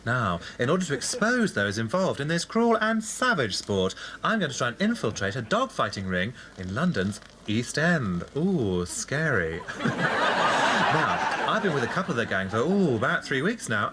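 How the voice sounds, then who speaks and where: A man doing a sketch-comedy parody of an undercover TV reporter, camp, excitable and gushing. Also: mid-range voice, unhurried, a little hiss or hum, low-quality recording.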